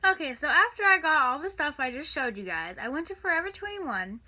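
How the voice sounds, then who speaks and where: A teenage girl telling a storytime in a casual, chatty vlog, full of "like" and "and stuff", with the odd soft aside. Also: high voice, big pitch swings, fairly quick. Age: teens. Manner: chatty, filler-heavy with frequent "like" and "and stuff". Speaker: vlogger.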